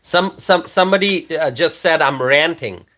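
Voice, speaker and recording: Man, slightly high voice, political livestream host, insistent, repeats himself, lots of uh and um. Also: normal speed, bright, forceful tone. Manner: insistent, repeats phrases, many fillers. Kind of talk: livestream commentary reading chat comments.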